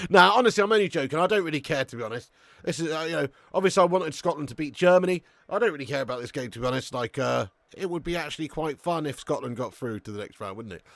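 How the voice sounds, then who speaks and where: An English man hosts a live football watch-along, brashly bantering with viewers, reading their comments aloud and swearing often. His expressive voice is on the high side, fast, creaky and a bit bright, with no room sound.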